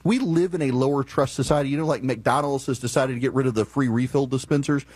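A man telling a driving story and ranting in an animated, opinionated monologue. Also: medium pitch, fast, no echo.

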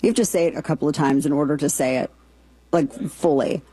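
A woman's voice: deep voice, a little fast, warm tone, breathy edge, dry recording, low-quality recording. A woman hosting a talk radio show, delivering sarcastic, exasperated commentary.

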